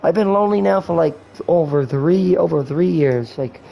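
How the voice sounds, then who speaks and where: A man's voice: a little high, normal speed, gravelly, highs cut off, slight background noise. A man in his twenties talking in a rambling, candid way and swearing often, while hosting a gaming livestream. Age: 20s. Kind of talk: rambling casual chat.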